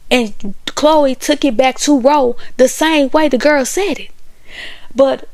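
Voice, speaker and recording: An exasperated woman runs through a reality show in casual commentary, acting out each quoted line. Her voice sits a touch high with a gravelly fry, and the sound is dry and close. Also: no room sound. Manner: animated, exasperated, acts out quoted dialogue.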